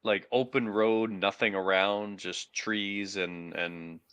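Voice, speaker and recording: A man's voice: lowish voice, steady tone, takes it slowly, a bit bright, clear, resonant tone. A man in casual podcast chat, cutting in with short follow-up questions.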